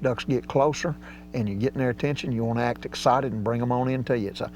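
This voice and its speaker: A man's voice: medium pitch, fast talker, darkish tone. A man teaching duck calling in a folksy, drawling way. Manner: folksy and drawling, with casual grammar. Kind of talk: outdoor hunting instruction. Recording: slightly dull audio with faint hum.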